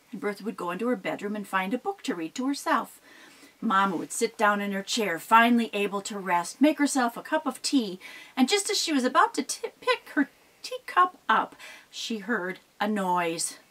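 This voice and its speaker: A woman telling a folk tale aloud in an animated, expressive way, with sound effects. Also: medium pitch, rough recording. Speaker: storyteller. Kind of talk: oral storytelling performance.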